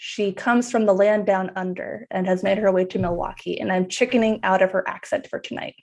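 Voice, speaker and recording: A woman's voice: mid-range voice, steady tone, fairly quick, creaky, a little mellow. A woman streamer and tabletop player, chatting casually as she introduces herself and her character.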